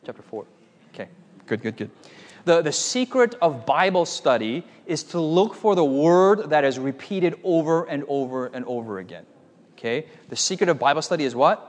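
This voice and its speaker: A man preaching with a slightly high, very lively voice that swoops up and down. His words ring out with a long reverb from a large hall. He works the crowd playfully and keeps asking for an amen. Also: moderate pace. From United States. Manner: animated, playful, asks the audience for amens. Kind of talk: sermon with storytelling.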